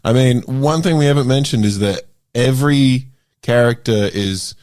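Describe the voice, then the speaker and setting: A man's voice: medium pitch, normal speed, darkish tone, no echo. A man co-hosting a comedy film podcast, dry and a bit hesitant with fillers. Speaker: podcast co-host. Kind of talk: casual comedic film review chat.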